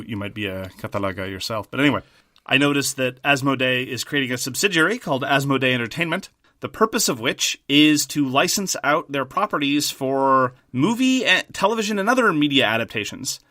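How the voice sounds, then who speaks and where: On a casual board game podcast, a male co-host works through ideas thoughtfully and in a measured way, often restarting sentences. His animated, mid-range voice is bright and forward, recorded close and dry with no room sound.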